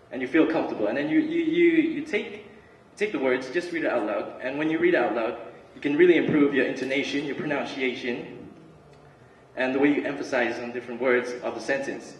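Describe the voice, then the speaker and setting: A young man giving a relaxed, chatty student talk with lots of fillers and restarts. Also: medium pitch, brisk. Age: young adult. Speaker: student speaker. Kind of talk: casual student talk and spoken word. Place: large hall. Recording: roomy hall recording from far off.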